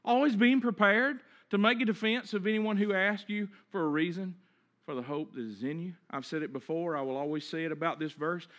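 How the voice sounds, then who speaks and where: A man preaching a sermon, dropping to a hush and then building to emphatic, rhythmic repeated phrases. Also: high-pitched, brisk. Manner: swings between hushed and emphatic preaching; repetitive, rhythmic lists of phrases. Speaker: pastor.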